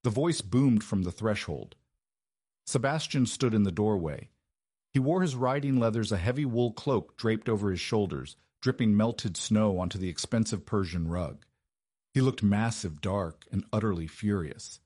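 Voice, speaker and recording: Low, husky male narrator. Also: animated, mellow, dry recording, studio quality. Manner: measured, dramatic storytelling. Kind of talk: scripted narration.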